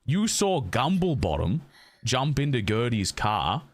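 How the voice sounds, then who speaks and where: A blustering Australian bloke from a role-play game, voiced by a man who lays the accent on thick. He spins a wild tale with a lively, bouncing pitch and caps every phrase with "mate". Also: measured pace. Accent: overdone Australian.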